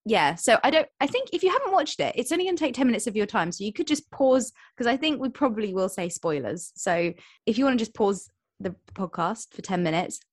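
A young woman co-hosting a podcast in casual chat, retelling plots with quick quoted voices. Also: fairly high pitch, very animated, no room sound. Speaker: podcast co-host.

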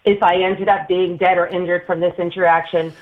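Woman guest telling a story by phone, expressive and laughing, tinny line. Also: on the low side, brisk. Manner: animated, acts out quoted voices, laughs often. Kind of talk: casual storytelling chat. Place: Massachusetts.

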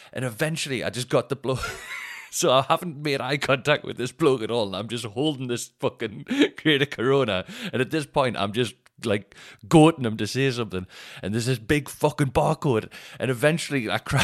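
A man's voice: mid-range voice, fairly quick. A man hosting a podcast, telling a rambling, sweary shopping story and laughing as he goes. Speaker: podcast host. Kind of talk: casual storytelling monologue.

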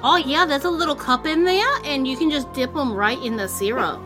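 A woman's voice: sits high, a little fast, music in the background. A woman running a tabletop game, voicing people in chatty, folksy small-town diner talk. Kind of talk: in-character tabletop role-play.

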